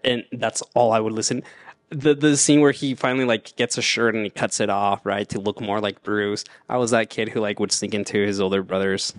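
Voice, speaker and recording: A man's voice: on the low side, steady tone, fairly quick, dry recording. A man co-hosting a casual podcast chat, rambling and repeating words as he talks. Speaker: podcast co-host.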